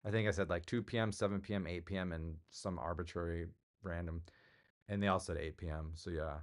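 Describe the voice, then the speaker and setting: Middle-aged man, low-set voice, loose chatty livestream host, drifts between jokes and asides. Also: fairly even intonation, fairly quick. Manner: rambling, jokey, chatty with chat readers. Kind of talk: casual livestream chat.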